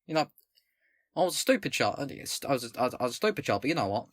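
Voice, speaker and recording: A man's voice: mid-range voice, very animated, rapid-fire, a bit bright, no room sound, studio quality. A young man reading a document aloud with commentary, swearing casually, stumbling over words and mocking himself in asides. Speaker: political commentator.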